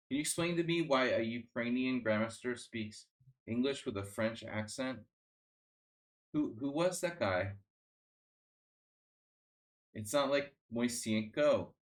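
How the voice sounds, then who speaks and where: A man streaming chess, chatting casually in a rambling, sardonic way, full of restarts and fillers. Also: medium pitch. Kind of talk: casual live-stream chat.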